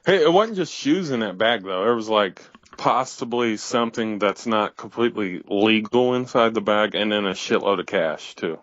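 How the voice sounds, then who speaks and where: A man's voice: fairly low pitch, moderate pace, a bit bright, no room sound, lo-fi sound. A man co-hosting a comedy talk show, chiming in casually with extra details in a laid-back way.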